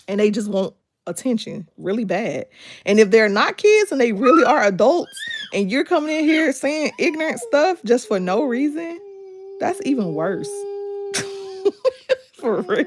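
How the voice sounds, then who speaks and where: A woman talks casually to her livestream viewers through a phone. Her fairly high voice swings up and down a great deal, and she breaks into laughter often while she talks back to them. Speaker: livestream host.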